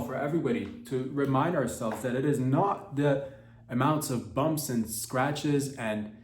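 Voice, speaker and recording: Male podcast host, mock-dramatic rambling comic, mid pitch, echoey room. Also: a little hiss or hum. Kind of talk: rambling comedic monologue.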